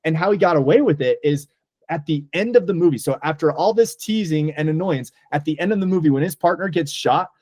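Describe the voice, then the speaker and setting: A man's voice: fairly high pitch, animated, brisk, darkish tone, no room sound, clean studio sound. A man co-hosting a casual movie podcast, talking enthusiastically and rambling with lots of fillers. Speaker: podcast co-host. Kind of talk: casual movie review chat.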